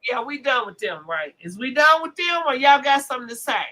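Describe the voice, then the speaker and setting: Woman host, casual banter, bright voice, high pitch, frequent laughs. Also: very animated, a little fast, low-quality recording. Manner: loud, laughing, profane banter. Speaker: podcast host. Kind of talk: casual chat.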